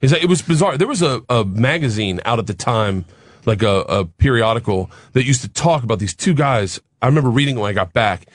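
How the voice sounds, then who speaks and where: A man in his forties, a comedian guest on a talk radio show, telling an excited, profane anecdote. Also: medium pitch, brisk, dry recording, clean studio sound. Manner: excited, profane, animated storyteller. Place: radio studio.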